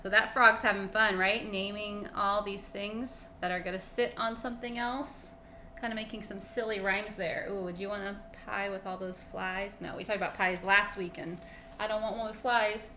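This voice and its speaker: A woman's voice: mid-range voice, fairly even intonation, moderate pace, bright, forceful tone, slight background noise. A woman teacher talking cheerfully and chattily to children in an online read-aloud lesson. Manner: cheerful, chatty, talks to kids.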